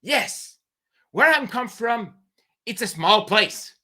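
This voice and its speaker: A man with a French Canadian accent, a native French speaker, giving a fervent, halting monologue as an entrepreneur coach on a late-night live stream. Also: high-pitched, expressive, sharp tone. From New Brunswick, Canada. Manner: emphatic, fervent, halting non-native English with broken phrasing.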